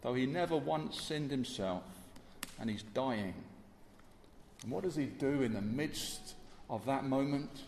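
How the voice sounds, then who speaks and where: A man's voice: mid-range voice, lively intonation, a little slow, darkish tone, reverberant, big-room sound, slight background noise. A male preacher giving an earnest sermon in a church, dwelling on repeated phrases.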